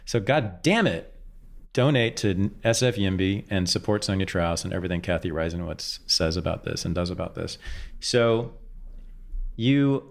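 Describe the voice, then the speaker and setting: A man hosting a casual podcast interview, animated and blunt, swearing freely and jumping up in pitch when surprised. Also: moderate pace, gravelly. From San Francisco Bay Area. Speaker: podcast host.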